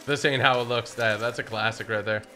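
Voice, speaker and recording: A man talks his way through a gameplay session, chatty and thinking aloud. His voice sits at an ordinary middle pitch. Game music plays loudly under his voice. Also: fairly even intonation, brisk. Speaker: gaming YouTuber. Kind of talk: casual gameplay commentary. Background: game music and horse sounds.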